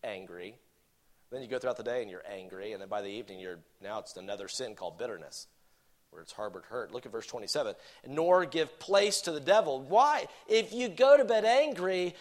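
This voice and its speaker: A man preaching a sermon, reading scripture verses aloud and explaining them, rising to emphatic points and dropping to soft low asides. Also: expressive, brisk. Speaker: pastor.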